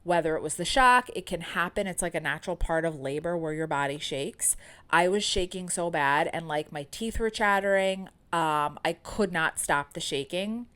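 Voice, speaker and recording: A woman's voice: fairly low pitch, moderate pace, a bit bright, clean tone. Chatty woman, candid and unfiltered. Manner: chatty and candid, many "like" and "um" fillers. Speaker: podcast host. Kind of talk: candid personal storytelling.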